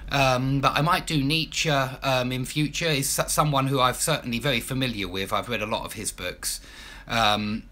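A man's voice: medium pitch, sharp tone. A man from Southend with an Estuary English accent, an English teacher chatting loosely through a live question and answer session, with many ums and restarts. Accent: Estuary English, Essex. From Southend, Essex, England. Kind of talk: live Q&A stream.

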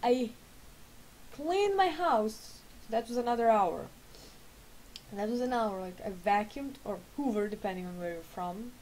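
A woman's voice: a little high, expressive, unhurried, a little mellow, slight background noise, low-quality recording. A woman in her late twenties, a gaming vlogger just out of bed and sleepy, chatting casually in a rambling, self-correcting way at home. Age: late 20s. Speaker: vlogger and gamer. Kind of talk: casual chat.

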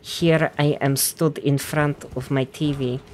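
Woman putting on a soft lilting Icelandic-style accent. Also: low voice, fairly even intonation, slow, a little hiss or hum. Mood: whimsical. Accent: put-on Icelandic. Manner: soft, lilting, rolled R's.

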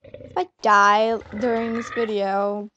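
A woman's voice: mid-range voice, level tone, takes it slowly, sharp tone, a little hiss or hum. A young woman giving casual gameplay commentary as a channel host, rambling, swearing freely and joking at her own expense. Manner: profane, rambling, self-mocking. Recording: muffled lo-fi home recording.

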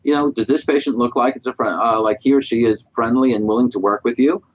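A middle-aged man answering interview questions as a guest specialist, calm and explanatory. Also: medium pitch, fast talker, muffled recording. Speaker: guest periodontist.

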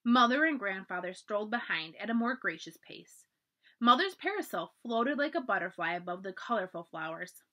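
A woman librarian reading a children's chapter book aloud, expressive and storyteller-like. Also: mid-range voice, normal speed. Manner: expressive storyteller, lively voices for dialogue.

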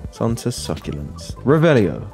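A man's voice: on the low side, lively intonation, normal speed, music in the background. A British man giving casual, chatty commentary over his own gameplay, joking with his viewers. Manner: playful, chatty, jokes to viewers.

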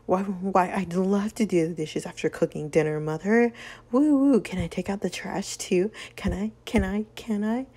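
A woman's voice: lowish voice, huge pitch swings, brisk, slightly rough, full character voice. A woman voicing a cheeky teenage boy in a story game, talking with mock enthusiasm. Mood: sarcastic.

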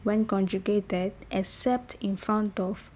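A woman's voice: medium pitch, fairly even intonation, a little mellow. A woman teaching a French grammar lesson, reciting conjugations and often checking in with "okay?". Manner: slow and deliberate, repeats conjugations aloud, checks in with "okay?". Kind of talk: explaining grammar, slow drill-style lesson.

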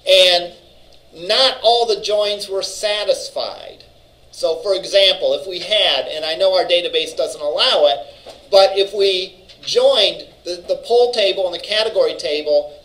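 On a rough recording, a college instructor's high, fairly bright voice leads a database lecture. He talks with students conversationally, checks in with "all right?", and thinks aloud through fillers and restarts.

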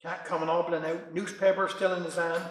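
Brief: a man as a flustered older Cornish housewife, rambling in broad dialect, high and bright, roomy echo. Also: level tone, brisk, distant mic, lightly acted. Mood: gossipy.

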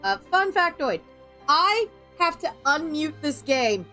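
A woman's voice: high-pitched, big pitch swings, takes it slowly, sharp tone, soft background music. A woman chatting casually on a game stream, goofy and rambling, swearing as she goes. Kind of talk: casual live-stream chat.

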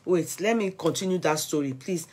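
A young Nigerian woman with an accent, excitedly recounting gossip on her vlog and switching between Pidgin and Yoruba. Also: on the low side, moderate pace, breathy edge. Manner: excitable, mixing Pidgin and Yoruba, laughing asides. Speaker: gossip vlogger. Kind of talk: animated gossip commentary.

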